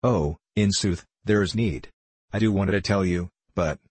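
A man voicing a timid, frightened young page who speaks in old-fashioned, pleading words, in the reader's own low, husky voice. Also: unhurried, a little mellow, no echo. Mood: hesitant.

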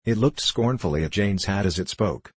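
A man narrating a children's storybook in a steady, measured way. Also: lowish voice, husky, no room sound. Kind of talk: audiobook narration.

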